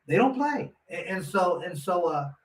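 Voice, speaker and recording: Animated man telling a story in a roomy room. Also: high voice, moderate pace. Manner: animated, acts out quotes with lots of restarts. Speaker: guest storyteller. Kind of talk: casual storytelling. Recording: roomy echo, mic at a distance, faint noise.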